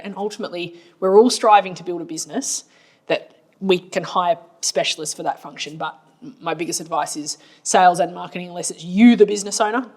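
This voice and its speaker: Australian woman, slightly low voice, chatty and blunt, colloquial storyteller for a business podcast. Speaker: marketing agency owner and podcast co-host. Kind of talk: casual business podcast chat.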